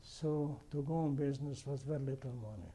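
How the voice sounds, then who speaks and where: An older man with a heavy foreign accent, not a native English speaker, recalling his life in a halting way, with restarts and repeated words. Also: mid-range voice, warm tone, husky. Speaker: interviewee. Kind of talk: oral history recollection.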